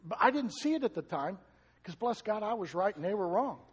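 A male pastor delivers a conversational sermon and keeps asking the congregation questions. His voice sits high for a man and has a husky edge. Long reverb from a large hall hangs after each phrase. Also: very animated, a little fast. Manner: conversational preaching with rhetorical questions.

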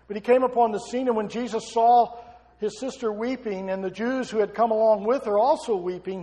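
High-voiced preaching man in a big hall. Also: darkish tone. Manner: impassioned preaching with rhetorical questions. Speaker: pastor. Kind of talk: sermon. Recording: long reverb of a large hall.

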